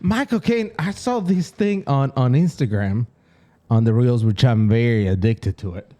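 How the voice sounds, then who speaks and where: Male podcast co-host, warm and dark tone, laughing anecdote teller. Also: mid-range voice, moderate pace. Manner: animated storyteller, laughs often, acts out quotes. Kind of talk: casual chat.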